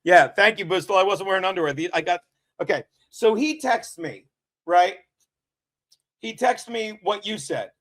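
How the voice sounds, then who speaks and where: High-voiced man ranting on a podcast. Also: lively intonation, a bit bright, no echo, studio quality. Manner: fast, heated ranting and mocking impressions. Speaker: comedy podcast host. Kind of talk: casual chat.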